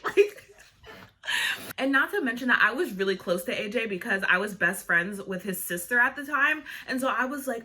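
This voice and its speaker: Young woman vlogger, bright voice, animated casual storyteller. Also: fairly high pitch, moderate pace. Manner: animated storytelling, many "like" fillers. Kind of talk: storytime vlog, casual chat.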